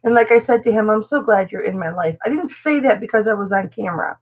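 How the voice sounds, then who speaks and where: A woman's voice: mid-range voice, quick pace, phone-quality sound. A middle-aged woman hosting a casual live stream, chatty and affectionate, answering viewers as she talks. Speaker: live-stream host, reseller.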